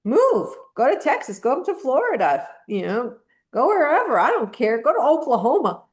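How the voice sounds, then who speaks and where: A woman's voice: high-pitched, very animated, normal speed. Blunt, emphatic woman co-host. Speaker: podcast co-host. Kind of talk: casual opinion chat.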